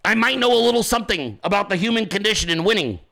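A man's voice: high voice, animated, fast talker, bright, forceful tone. A man hosting his own show from a home desk, ranting in profane, combative, mocking commentary. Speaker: podcast host.

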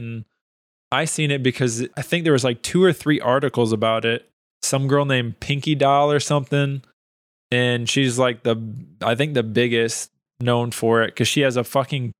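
A laid-back man banters on a casual podcast and laughs easily. His voice is smooth and clean, recorded close and dry, with no room sound around it. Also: mid-range voice, dry recording. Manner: laid-back, laughs often, explains things. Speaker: podcast co-host.

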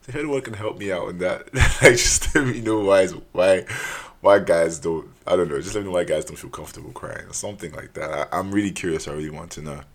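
A man's voice: low-pitched, quick pace, creaky. A young man hosting his own podcast, talking alone in an earnest, casual way, often saying "man" and restarting his sentences. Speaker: podcast host. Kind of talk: solo podcast monologue.

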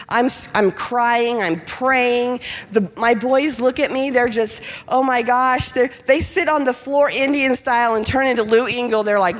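A middle-aged woman pastor telling a personal story in a sermon, animated and acting out the voices of the people in it. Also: fairly high pitch, unhurried, slight background noise. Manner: animated, acts out quoted voices. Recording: long hall reverb.

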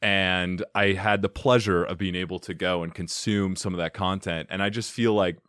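A man's voice: low voice, fairly even intonation, moderate pace, fairly bright tone, clean tone, no echo, clean studio sound. A man hosting a comedy podcast, upbeat and eager, slipping in puns as he chats with his guests. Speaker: podcast host. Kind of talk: casual interview.

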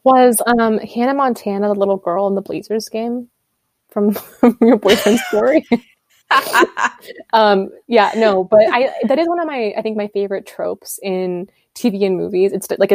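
A woman's voice: mid-range voice, a little mellow, no room sound. A young woman co-hosting a podcast in casual chat, chatty and playful, laughing often. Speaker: podcast co-host.

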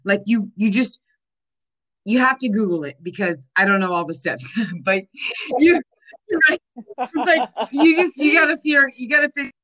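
A woman's voice: fairly high pitch, animated, moderate pace, long pauses, sharp tone, poor audio. Earnest woman host, casual chat. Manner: earnest, many fillers like "like". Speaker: podcast host.

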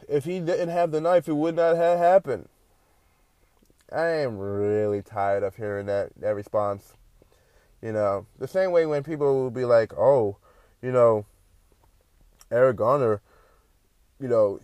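A man's voice: fairly high pitch, a little mellow, dry recording. Passionate man with a dry, close sound. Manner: passionate, repetitive "you know", mocking quoted voices. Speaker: podcast host. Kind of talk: impassioned monologue.

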